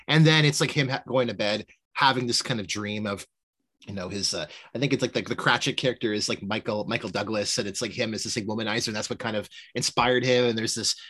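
A man hosting a movie podcast, talking casually and quickly, swearing freely and joking with his co-host. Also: on the low side, sharp tone. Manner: fast, swears, laughs along.

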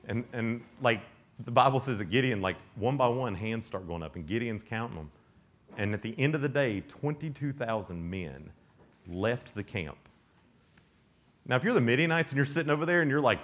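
A man's voice: mid-range voice, normal speed. A young man preaching a youth camp sermon, telling stories with acted-out voices and frequent laughter. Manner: animated storytelling, acts out voices, laughs often. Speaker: youth speaker.

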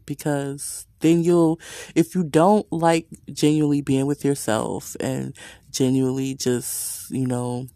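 A woman's voice: extremely low pitch, steady tone, takes it slowly, warm tone, no echo, studio quality. A woman talking candidly to camera in a blunt, profane way, laughing often and leaning on "you know.". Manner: frequent "you know" fillers. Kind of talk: candid personal monologue.

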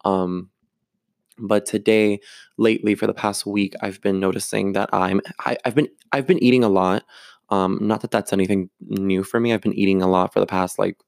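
Young man, low gravelly voice, dry close sound, confessional vlogger, rambling and open. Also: steady tone, moderate pace, no echo. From Florida. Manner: candid, rambling, with many fillers and restarts. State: close to tears at moments. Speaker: actor and vlogger. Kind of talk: confessional vlog monologue.

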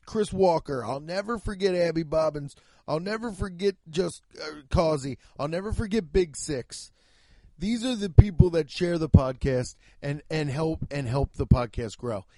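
A man's voice: on the high side, mellow, dry recording, studio quality. A man hosting a solo comedy podcast, ranting and rambling with heavy profanity. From United States. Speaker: podcast host.

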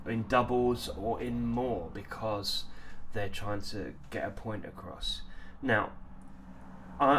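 A man giving a drama lesson, talking haltingly with many ums and restarts. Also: lowish voice. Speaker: acting teacher.

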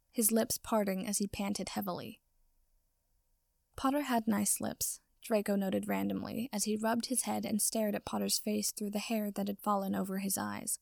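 A woman reading fan fiction aloud in steady, even narration. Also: mid-range voice, vocal fry, no echo, studio quality. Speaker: reader.

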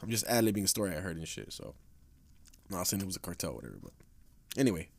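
A man's voice: low voice, sing-song, fast, gravelly, darkish tone. Profane laid-back male podcast host. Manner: profane, rambling, laid-back with frequent restarts. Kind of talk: casual storytelling podcast.

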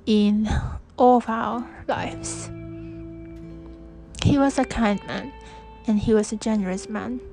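Young woman from hong kong musing slowly, a bit high voice, soft music behind, keeps restarting her sentences. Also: vocal fry, poor audio. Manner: soft-spoken, hesitant, with frequent restarts and fillers. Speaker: podcast host. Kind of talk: reflective personal monologue.

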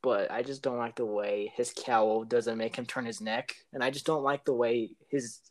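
A young man in relaxed podcast banter, easygoing and unhurried. His voice sits at a middle pitch. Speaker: podcast co-host. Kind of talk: casual chat.

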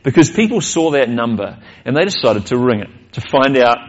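A man's voice: mid-range voice, big pitch swings, normal speed, highs cut off. A male pastor, preaching a sermon earnestly and posing rhetorical questions.

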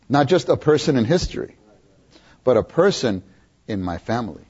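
A man preaching a sermon, often questioning his listeners and repeating words for emphasis, with a husky voice, on a dull lo-fi recording. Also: mid-range voice, very animated, moderate pace, a little mellow. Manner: questions the audience, emphatic repetition.

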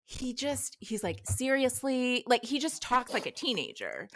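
A woman in her thirties chatting casually on a podcast, telling animated stories about her young son and acting out his lines. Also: on the high side, moderate pace, no room sound. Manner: animated storyteller who acts out her child's lines. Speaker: podcast guest. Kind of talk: casual chat.

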